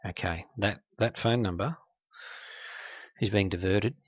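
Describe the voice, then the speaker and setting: A man's voice: fairly low pitch, a little slow, no room sound, muffled recording. A man hosting a walkthrough that exposes scam websites, speaking in a wry, conversational, explanatory way. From Australia. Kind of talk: screen-recorded walkthrough.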